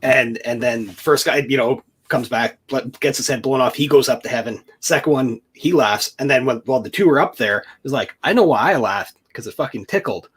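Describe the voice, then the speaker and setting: A man hosting a casual chat, laid-back and quick to riff on jokes. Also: mid-range voice, fairly bright tone, breathy edge.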